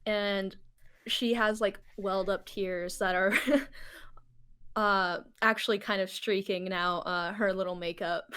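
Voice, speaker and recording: A woman playing a tabletop role-playing game, narrating her character in a soft, hesitant way with many pauses and small giggles. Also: medium pitch, fairly even intonation, clear, resonant tone. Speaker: player.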